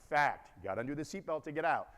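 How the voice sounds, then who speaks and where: A man's voice: on the high side, fast talker. Man telling a story in a big echoing hall. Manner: animated, acts out scenes, asks the crowd questions. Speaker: conference speaker. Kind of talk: keynote storytelling. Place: large conference hall. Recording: long reverb in a large hall.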